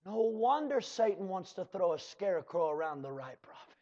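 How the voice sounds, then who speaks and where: In a dull, lo-fi recording, a preacher man gives a fiery sermon with a very high, lively, husky voice. He alternates between shouted bursts and slow, drawled asides while calling out to the congregation.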